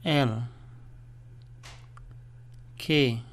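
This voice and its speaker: A man's voice: medium pitch, drawn-out words. A man teaching a language lesson, patiently spelling out letters and syllables one by one.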